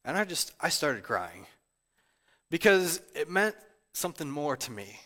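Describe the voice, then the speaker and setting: A male pastor with a fairly high voice preaches a heartfelt sermon, close to tears, stumbling and restarting as he shares personal struggles. His voice rings out with a long reverb, as if in a church sanctuary. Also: sing-song, measured pace, pushed and bright. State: tearful, near crying.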